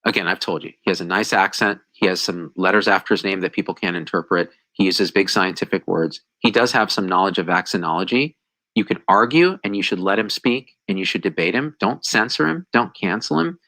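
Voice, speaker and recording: Emphatic, bright-voiced science host. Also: male voice, deep voice, fairly quick, no echo, rough recording. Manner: emphatic, animated, sarcastic ranting. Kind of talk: heated commentary.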